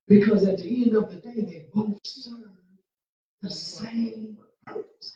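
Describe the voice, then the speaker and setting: Folksy, fired-up Bible study preacher, homey examples, fast when passionate; distant, dull, very echoey church recording. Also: mid-range voice, darkish tone. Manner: speeds up and cuts in when passionate. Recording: very echoey church room, mic far off, dull sound.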